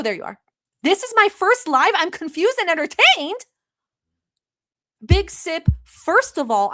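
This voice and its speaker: A young woman with a fairly high voice hosts her own livestream. She rambles on in a mock-earnest, sarcastic tone, full of "like" and "um", as if chatting with her viewers. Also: fairly bright tone. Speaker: livestream host. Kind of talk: satirical livestream chat.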